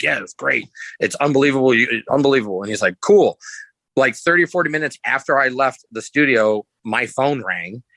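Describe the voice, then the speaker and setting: A man, a sideshow performer guesting on a podcast, telling stories in a loose, rambling way and jumping his pitch to act out quotes. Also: bright, forceful tone, dry recording, low-quality recording. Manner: rambling, restarts, acts out quotes with pitch jumps; loose, swears casually. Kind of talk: casual storytelling.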